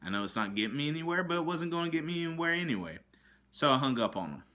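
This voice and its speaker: A man's voice: a little high, big pitch swings, very fast, bright, forceful tone. A man vlogging from his kitchen, telling a frustrated story full of fillers and restarts. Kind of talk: ranting to camera. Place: kitchen at home, indoors.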